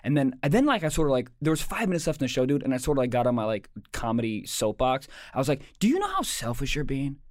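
A man's voice: mid-range voice, fast, hardly any pauses, a little mellow, no echo, studio quality. A young man, a comedian, telling stories in casual chat, swearing and acting out other people's voices. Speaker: comedian and podcast host.

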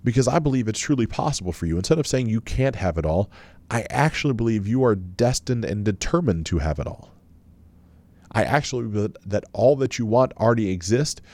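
A man's voice: fairly low pitch, lively intonation, a little fast, darkish tone, no echo. A man giving a self-help talk and leading listeners through a guided visualization, coaching them with many questions.

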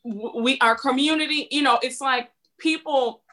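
Woman co-host, high bright tone, hesitant and thoughtful, casual podcast talk. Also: moderate pace. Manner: hesitant, full of fillers and restarts while building a point. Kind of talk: casual chat about reality TV.

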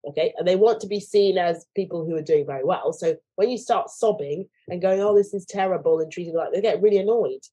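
Speaking as a guest in a conversational interview, this woman is thoughtful and imitates the people she quotes. Her fairly low voice is warm and slightly rough, brisk with few pauses, captured on a low-quality recording.

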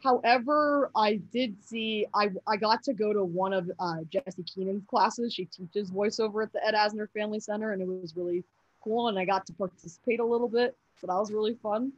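A woman's voice: medium pitch, fairly quick, no room sound. A young woman answering interview questions casually, hesitant, with many fillers and restarts. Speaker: interview guest. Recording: dull, dry sound.

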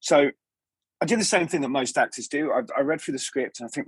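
A man with a slightly husky, breathy voice chats as a podcast guest, spinning long rambling anecdotes about his stage work. He keeps stopping and restarting his sentences. The sound is dry and close, with no room around it. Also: fairly high pitch, quick pace, dry recording. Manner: rambling, self-interrupting anecdotes with many restarts. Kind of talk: casual interview storytelling.

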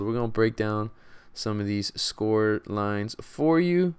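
Laid-back young man, smooth low voice. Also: expressive, slow pace. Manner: laid-back, slangy, thinks aloud with fillers. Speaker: podcast host. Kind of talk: casual sports podcast chat.

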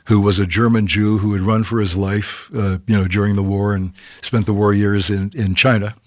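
An older man from Canada tells backstage stories as a guest, lively and conversational. His voice sits a little low and sounds close and dry, with no room behind it. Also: dry recording. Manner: lively raconteur who acts out quotes and keeps tagging okay?. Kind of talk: casual anecdotal storytelling.

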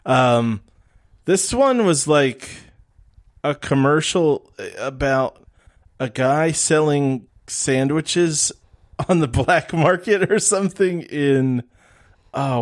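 A man from the Midwest co-hosting a casual film podcast, talking hesitantly with lots of ums and easy laughs. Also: mid-range voice. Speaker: podcast co-host.

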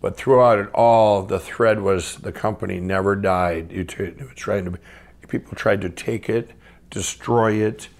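A middle-aged man from Minnesota telling his own life story off the cuff, rambling with many restarts and swinging between excited and hushed. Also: on the low side, a little slow. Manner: rambling, full of restarts and "I'm going". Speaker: guest storyteller. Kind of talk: unscripted personal storytelling.

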